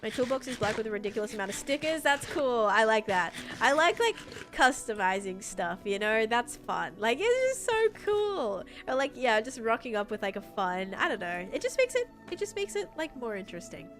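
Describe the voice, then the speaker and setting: A woman's voice: a little high, big pitch swings, normal speed, hardly any pauses, a bit bright. A woman from the United States, chatting casually with her chat in a bubbly, gushing way while she plays a game on a live stream. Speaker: livestreamer. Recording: game music behind voice.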